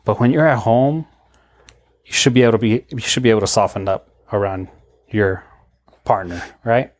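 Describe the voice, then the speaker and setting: A man's voice: lowish voice, moderate pace. A man hosting a podcast in casual chat, rambling with frequent laughs and restarts. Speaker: podcast host.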